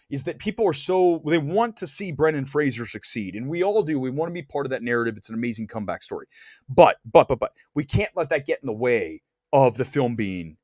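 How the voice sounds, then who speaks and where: A man's voice: medium pitch, no room sound, studio quality. A man hosting a movie livestream, chatting in a sarcastic, opinionated way and reading viewer comments aloud. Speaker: movie review livestream host. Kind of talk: casual opinionated livestream chat.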